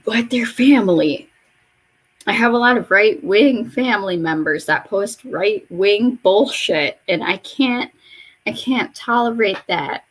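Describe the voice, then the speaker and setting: A woman in her mid-twenties vents in a loose, rambling chat while getting ready at home. Her voice sits at a middle pitch, and she swears freely and leaps suddenly much higher when something excites her. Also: measured pace. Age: mid-20s. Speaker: vlogger. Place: bedroom at home.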